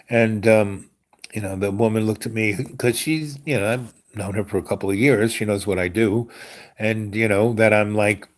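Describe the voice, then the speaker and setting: A man's voice: fairly low pitch, moderate pace. A man rambling through a casual story on a livestream, full of restarts and filler phrases. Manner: meandering, full of "you know" and restarts. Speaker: livestream host.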